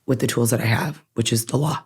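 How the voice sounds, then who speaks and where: An earnest woman lawyer, born in Iran, talks through her experiences as a podcast guest. She speaks in an animated, conversational way and keeps checking in with "right?" after her points. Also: a bass voice, quick pace, breathy edge. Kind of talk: conversational interview.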